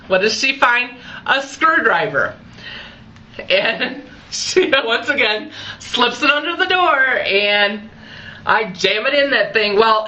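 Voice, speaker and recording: A woman in her forties telling a personal story to the camera in a chatty, animated way, talking straight to her viewers. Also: fairly high pitch, rough recording. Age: 40s. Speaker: vlogger.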